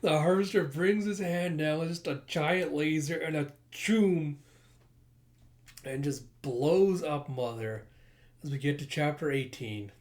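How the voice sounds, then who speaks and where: A man's voice: on the high side, measured pace. A man casually reading a comic aloud and commenting, swearing a lot and adding mouth sound effects. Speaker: comic reader and reviewer. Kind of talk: casual comic book readthrough.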